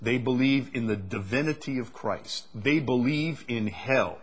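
Man, preacher, husky voice, emphatic sermon delivery, scripture reading. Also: mid-range voice, measured pace, few pauses. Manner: emphatic preaching with rising intensity on scripture quotes.

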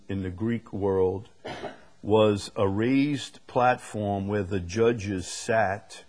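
A man preaching a sermon, reading scripture slowly and building to sudden emphatic rises on key words. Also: lowish voice, darkish tone. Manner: slow deliberate delivery with sudden emphatic rises; reads scripture aloud in slow stretched phrases.

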